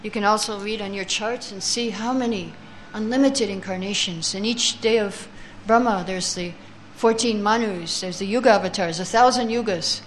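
A woman teaching a scripture class who chants verses slowly, then reads the translations and explains them, taking answers from her listeners. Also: mid-range voice, slight background noise.

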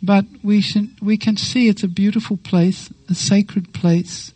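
A woman giving a devotional talk, telling a sacred story with lively acted-out quotes and slow, reverent phrasing. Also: mid-range voice, dry recording, poor audio. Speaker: devotional speaker.

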